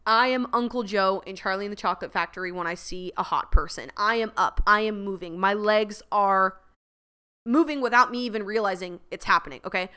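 A woman hosting a podcast, telling a story in a casual monologue, animated and laughing often, with lots of "like" fillers. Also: medium pitch, a little fast, clean tone. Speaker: podcast host.

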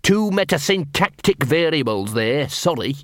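A man's voice: on the high side, big pitch swings, a little slow, a bit bright, no room sound, clean studio sound. A man voicing a scruffy male talking street dog who mutters and fumbles for words. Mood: fussing.

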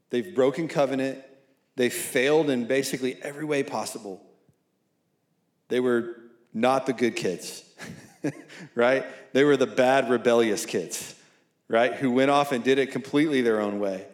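A man's voice: mid-range voice, measured pace, pauses often. A man preaching a sermon to a college crowd in a casual, conversational way, often checking in with "right?" and reading scripture aloud. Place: church hall at a college service. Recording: echoey room.

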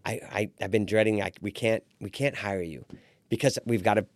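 Brisk and lowish, a man in his forties recounts his experiences as a restaurant owner while guesting on a podcast, animatedly voicing the people he quotes in this casual interview. The recording is dry.

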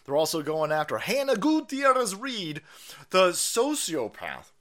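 A man hosting a political livestream, ranting loudly and crudely with sarcastic laughs. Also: sits high, huge pitch swings, unhurried. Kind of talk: profane political rant.

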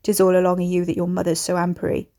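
A woman voicing a menacing monstrous father who gloats in a deep growl and heavy dialect. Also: level tone, moderate pace, a little mellow, lightly acted.

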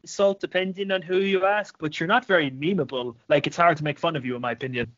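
A man in casual chat, an animated storyteller who swears freely. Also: fairly high pitch, fast, lo-fi sound.

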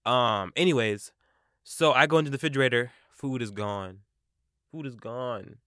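A young man co-hosting a podcast, telling an animated, profane story in casual chat. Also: mid-range voice, normal speed, clear, resonant tone, no room sound, clean studio sound. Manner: animated, profane, replays his own quotes. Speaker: podcast co-host.

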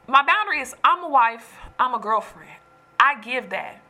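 Breathy, emphatic woman venting. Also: sits high, normal speed. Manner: animated, emphatic, preachy. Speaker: storyteller venting to viewers. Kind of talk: casual chat.

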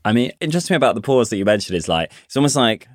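A man from Coventry, a playwright guest, talking in a playful, animated and laughing way in a casual chat. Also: medium pitch, very fast, dry recording, clean studio sound. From Coventry, England.

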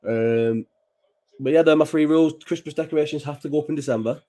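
A man from Bolton, England hosts a casual late-night live chat from home with a child nearby, rambling, chatty and swearing freely. His voice is on the high side, fast and mellow.

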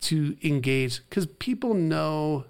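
Gravelly-voiced man telling a story. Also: fairly high pitch, slow. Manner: animated storytelling, acts out quoted lines. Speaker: podcast co-host. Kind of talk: casual chat.

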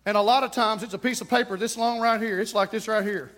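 High-voiced, forceful male preacher. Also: fairly even intonation, fast. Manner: emphatic, repetitive preaching with humor. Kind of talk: sermon.

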